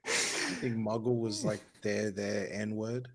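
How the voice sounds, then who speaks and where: A man's voice: lowish voice, huge pitch swings, takes it slowly, crowd noise. A man chatting casually on a podcast, giving brief reactions and laughing along. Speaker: podcast co-host. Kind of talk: casual chat.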